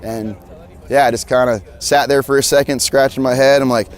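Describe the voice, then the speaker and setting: A mid-pitched man from Alabama talks through his chopper build at an outdoor bike show. He is loose and laid-back, restarting sentences and swearing freely as he explains. The feel is an off-the-cuff interview, not a prepared speech. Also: fairly even intonation, brisk. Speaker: motorcycle builder. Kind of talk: casual interview.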